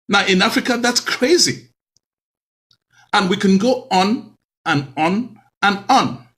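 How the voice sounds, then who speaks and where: A man hosts a talk show in a high, bright voice. His pitch swings widely as he preaches at his audience and piles up rhetorical questions. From Cameroon. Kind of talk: hosting a video talk show.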